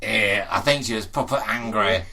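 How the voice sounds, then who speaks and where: A man co-hosting a podcast, chatting casually with quick, jokey interjections. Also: fairly low pitch, creaky, sharp tone. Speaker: podcast co-host. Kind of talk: casual chat.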